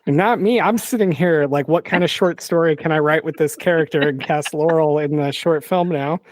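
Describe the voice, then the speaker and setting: A man's voice: on the high side, moderate pace, no room sound. Enthusiastic man hosting a podcast. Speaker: podcast host. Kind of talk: casual chat.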